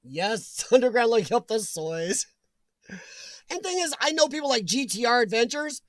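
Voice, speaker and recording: A man's voice: very high voice, sing-song, normal speed, a bit bright, dry recording. A man hosting a casual livestream, reading viewer comments aloud, joking and laughing often. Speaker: livestream host reading chat. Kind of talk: casual chat.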